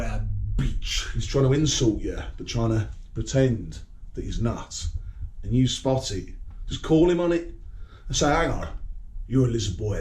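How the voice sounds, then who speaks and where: A man's voice: lowish voice, a little mellow. A British man ranting to camera in a rambling vlog, swaggering and combative, swearing heavily. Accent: British English. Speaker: vlogger. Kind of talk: rambling profane vlog monologue.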